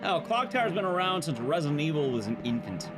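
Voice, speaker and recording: Talking fast in a voice on the higher side, this man rambles to his chat while streaming a speedrun. His pitch jumps around a lot, his commentary is loose and full of swearing, and game music plays in the background.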